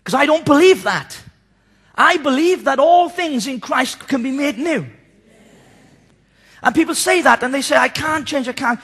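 Male preacher with a very high, bright voice who tells animated stories. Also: a little slow, long pauses. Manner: animated, storytelling, mimics people. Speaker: pastor. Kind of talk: sermon.

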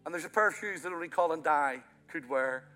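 Bright-voiced Irish-born preacher, soaring and hushed. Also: male voice, fairly high pitch, fairly quick. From Ireland. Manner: impassioned preaching, swelling loud then dropping soft. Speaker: pastor. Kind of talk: sermon. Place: church. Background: soft music from the church band.

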